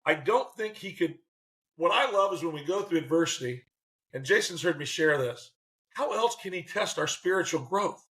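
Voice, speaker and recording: A man in his sixties, a former baseball manager, telling lively stories as an interview guest and acting out what people said. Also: on the high side, normal speed. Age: 60s. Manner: animated, acts out quotes in voices. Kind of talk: storytelling in a faith interview.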